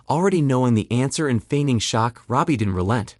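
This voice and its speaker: A man narrating a dramatic story in an expressive, scripted reading. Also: mid-range voice, brisk, hardly any pauses, no room sound, clean studio sound.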